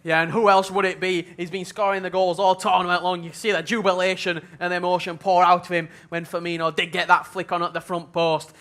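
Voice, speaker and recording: A man giving play-by-play commentary on a football video game match, measured and level-headed in his analysis. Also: high voice, little pitch movement, a bit bright. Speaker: esports commentator.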